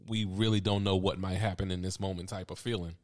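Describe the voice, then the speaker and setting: A man co-hosting a casual sports podcast, talking in a relaxed slangy way and laughing often. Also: low voice, fast. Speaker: podcast co-host.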